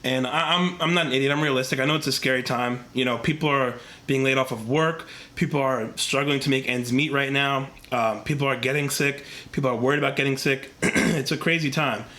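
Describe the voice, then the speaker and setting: A young man talks straight into his camera, his voice stuffy and congested from a cold. He has a bright, forward tone at a middling pitch, and he speaks earnestly in loose, rambling sentences with plenty of fillers. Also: fairly even intonation, brisk, few pauses. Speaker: vlogger. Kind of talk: casual talk to camera. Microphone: camera mic, talking to camera.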